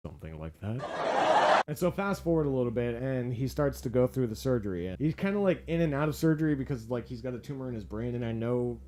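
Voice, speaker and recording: A man giving a casual, profane movie review, excitable and full of fillers. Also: medium pitch, quick pace, hardly any pauses, background noise. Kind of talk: casual spoken film review.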